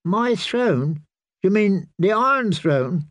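A man's voice: high-pitched, lively intonation, slow pace, no room sound, voice pushed up. A man voicing a plaintive little girl princess. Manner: plaintive, questioning. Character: confused timid young girl princess.

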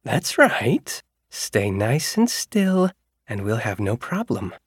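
A man's voice: medium pitch, big pitch swings, slow pace, husky, no room sound, studio quality, full character voice. A man voicing a menacing gunman who speaks in a light, sing-song voice. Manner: sing-songy, mocking.

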